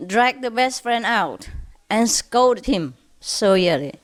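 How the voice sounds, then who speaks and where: A woman telling jokes to an audience in a casual, unhurried way, often checking in with her listeners. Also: fairly high pitch, lively intonation. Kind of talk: casual storytelling.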